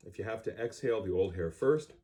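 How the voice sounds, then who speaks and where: A man's voice: on the low side, lively intonation, quick pace, mellow. A middle-aged man teaching a music class to students, recorded on a cell phone, speaking plainly and directly. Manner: plain-spoken, direct and instructive. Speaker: band teacher.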